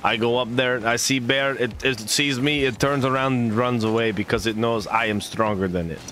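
A man's voice: mid-range voice, fairly even intonation, normal speed, a bit bright, a little hiss or hum, close to an everyday voice. A man putting on a bragging Russian-accented caster. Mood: boastful. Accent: put-on Russian. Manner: stiff formal phrasing, no contractions. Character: boastful Russian-accented male game caster. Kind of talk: live esports commentary.

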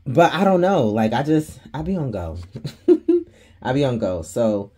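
A man's voice: medium pitch, very animated, measured pace, a little mellow. A man giving a casual tarot reading, chatty and slangy, laughing often and swearing freely. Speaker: tarot reader.

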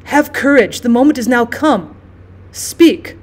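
A woman doing a gentle, solemn old priest. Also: animated, unhurried. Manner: soft, low and solemn.

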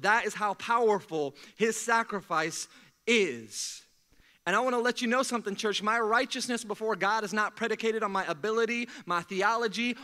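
High, bright-voiced young preacher. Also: male voice. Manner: energetic call-and-response preaching with jokes. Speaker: pastor. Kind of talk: sermon. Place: church sanctuary.

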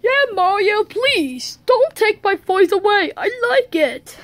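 A woman's voice: extremely high pitch, sing-song, slow pace, fairly bright tone, dry recording, exaggerated voice. A woman voicing a stubborn male mushroom creature who insists on his new old-man sounding voice, with an insistent, whiny manner. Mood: pleading. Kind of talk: homemade toy video voice acting.

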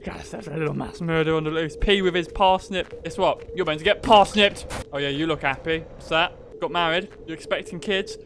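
A man giving casual, joking gameplay commentary, excitable and swearing freely. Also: on the high side, brisk, few pauses, slight background noise. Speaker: gaming youtuber.

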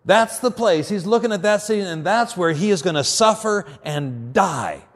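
A man preaching a sermon as pastor, earnest, often dropping quiet and slow for emphasis. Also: high-pitched, lively intonation.

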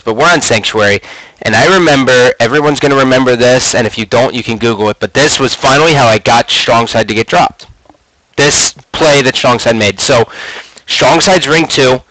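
A man's voice: mid-range voice, no room sound, low-quality recording. A young man hosting his own show, telling a long casual story with lots of swearing and acted-out quotes. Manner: profane, animated storyteller, acts out quoted lines. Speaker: podcast host.

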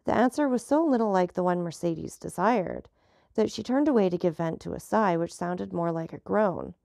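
A woman reads a classic novel aloud at a steady storytelling pace. Her voice has a gravelly texture. The recording is dry, with no room sound. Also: fairly low pitch, moderate pace, no echo. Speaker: audiobook narrator.

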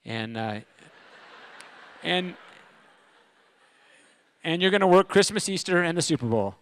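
A man playing a blunt, gruff TV producer. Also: high-pitched, expressive, a little slow, fairly bright tone, exaggerated voice. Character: gruff demanding male TV producer.

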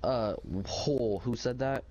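A man's voice: medium pitch, measured pace, dark tone. A man streaming an online game, talking bluntly and irritably to teammates in voice chat. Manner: blunt, irritable, swears a lot. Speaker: streaming gamer.

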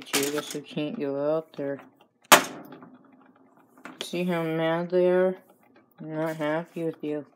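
A woman's voice: low voice, very noisy. A woman vlogger talking through a playful pretend dialogue, answering herself back and forth with mock indignation.

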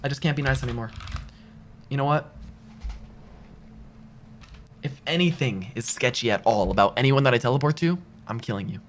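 A man's voice: medium pitch, quick pace, background noise. A young man live-streaming a video game, talking to chat in a slangy way and repeating himself when frustrated.

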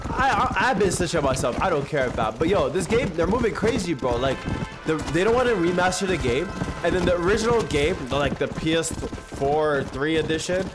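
A young man streaming a game live, loud and animated, swinging between shouting and low muttering as he talks to chat. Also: fairly quick, music in the background. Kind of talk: live gameplay commentary.

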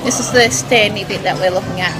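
A woman's voice: medium pitch, fairly quick. A young Australian woman chatting casually to her camera while shopping, giggly and self-mocking. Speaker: vlogger. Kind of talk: casual vlog chat. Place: busy shopping centre food court. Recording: loud crowd and background music.

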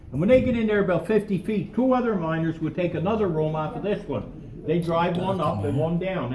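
An older man, a former coal miner guiding a mine tour and spinning joking stories, often checking in with "okay?" and "right?". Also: on the high side. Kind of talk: guided tour storytelling. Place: underground coal mine tunnel. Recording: echoey mine tunnel, distant mic, noisy.

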